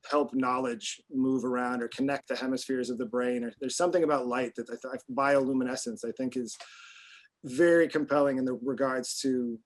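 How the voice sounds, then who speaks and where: A man's voice: medium pitch, fairly even intonation, brisk, poor audio. Rambling man in a panel discussion. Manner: rambling, many restarts and fillers. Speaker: panel guest.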